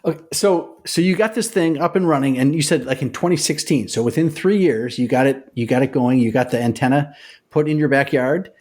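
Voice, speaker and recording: Brief: male podcast host, mellow, friendly and jokey. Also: medium pitch, brisk. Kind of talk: casual interview chat.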